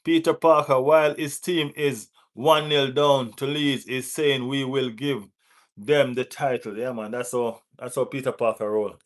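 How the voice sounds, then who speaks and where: A man's voice: medium pitch, fairly even intonation, measured pace. Football watch-along host, male, West Indian accent, playful banter with the chat, mid-range voice. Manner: banters, gives shout-outs to chat; teasing rival fans, laughing often.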